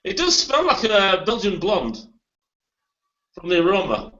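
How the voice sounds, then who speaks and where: A man's voice: sits high, wildly swooping pitch, a little slow, bright, forceful tone, dull audio. A man hosting a casual beer tasting chat, rambling and laughing often. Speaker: beer review host.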